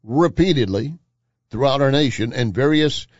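A man hosting talk radio, emphatic and insistent. His pitch swings widely as he repeats key phrases. The sound is dry and slightly dull, like a broadcast feed. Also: animated, moderate pace, no room sound. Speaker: radio talk show host.

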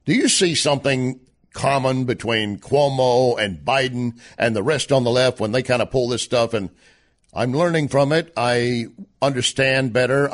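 A man hosting a political talk show, delivering a sarcastic monologue full of rhetorical questions. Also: medium pitch. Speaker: radio talk show host.

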